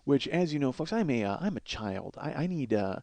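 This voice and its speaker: A man's voice: medium pitch, sing-song, brisk, a little mellow. A man in his forties hosting a comedy podcast, rambling through absurd running bits and laughing at his own jokes. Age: 40s.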